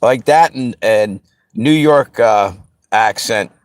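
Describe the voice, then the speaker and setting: A man's voice: lowish voice, takes it slowly, no room sound. A man from the Pennsylvania and Delaware area, hosting a live stream and chatting casually with viewers in a rambling, easygoing way. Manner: easygoing, rambling, talks straight to the chat. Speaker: livestream host.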